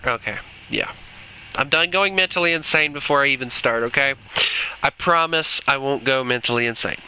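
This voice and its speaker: A man's voice: a little high, fairly quick, pushed and bright, rough recording. A man with a Southern US accent giving joking, rambling commentary while he plays a video game. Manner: joking, rambling, self-mocking. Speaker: gaming streamer. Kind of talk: casual gameplay commentary. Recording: game noise behind.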